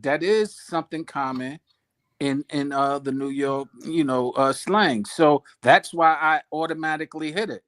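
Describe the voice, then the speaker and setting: High-voiced male host, emphatic, talks straight to the audience. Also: unhurried, a bit bright. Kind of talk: casual panel discussion.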